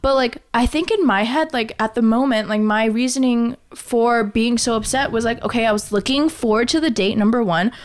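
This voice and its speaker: Animated, higher-voiced young woman storyteller. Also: moderate pace, hardly any pauses. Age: 20s. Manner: animated, swears freely, acts out quotes. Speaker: podcast co-host. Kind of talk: casual storytelling chat.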